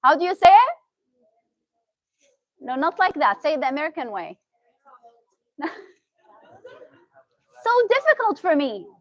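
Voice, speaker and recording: Speaking in a high-pitched, very animated voice, this therapist from Syria talks a little slowly and pauses often. She is a native Arabic speaker with a Syrian Arabic accent, giving a chatty, interactive motivational talk full of questions for the audience. There's no echo, though the recording quality is low.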